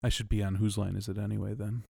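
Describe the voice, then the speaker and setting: A man's voice: fairly low pitch, flat delivery, quick pace, gravelly, warm tone, slightly rough, no room sound. A man co-hosting a podcast, joking dryly and teasing his co-host in casual chat. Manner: dry, teasing jokester.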